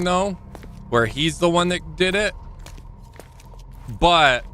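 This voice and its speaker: A man's voice: a little high, pushed and bright. A young man streaming a game live, thinking aloud and rambling as he corrects himself mid-thought. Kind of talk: live gameplay commentary.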